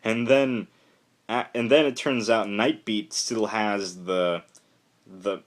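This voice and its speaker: A man's voice: lowish voice, slow pace. Rambling young man reviewing comics. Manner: rambling, excitable retelling with fillers. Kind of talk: casual spoken review.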